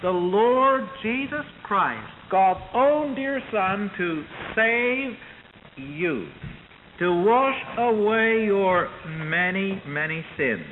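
A man telling a children's sermon in an animated, emphatic way, repeating words for stress. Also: sits high, drawn-out words. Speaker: Sunday school preacher. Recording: tinny, hissy recording with long reverb.

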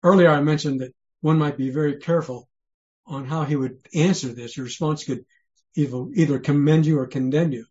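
A man preaches briskly in a fairly high, steady voice with a darkish tone. His earnest, conversational sermon leans on many rhetorical questions and frequent sentence restarts, and the recording is dull and lo-fi.

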